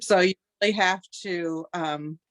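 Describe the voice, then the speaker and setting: A woman actor tells wry, animated stories about home life and rehearsals in a casual interview. Her voice sits somewhat low. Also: unhurried, no room sound. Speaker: stage actor.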